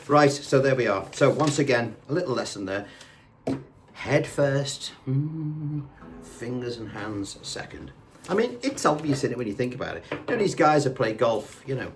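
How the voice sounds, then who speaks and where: A man's voice: mid-range voice, very animated, moderate pace. A man teaching guitar casually, scatting rhythm syllables aloud while he plays. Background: acoustic guitar playing.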